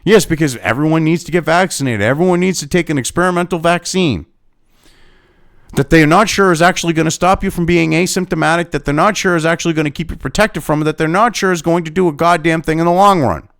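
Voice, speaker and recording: Man, New England accent, news commentary rant, exasperated, heavy swearing, fairly high-pitched. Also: quick pace, creaky, a bit bright, clear, resonant tone. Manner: profane and exasperated, swears constantly. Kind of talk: ranting commentary on a news article.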